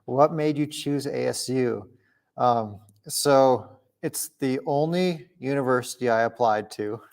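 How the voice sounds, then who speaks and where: A young man from Minnesota hosting a casual livestream Q&A, chatty and quick to laugh. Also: mid-range voice, creaky, a little mellow. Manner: chatty, laughs often, restarts sentences. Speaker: livestream host. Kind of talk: casual live Q&A. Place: home, indoors.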